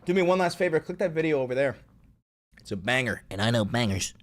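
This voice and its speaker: A man's voice: mid-range voice, big pitch swings, quick pace. Angry, profane male commentary host. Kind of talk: livestream commentary.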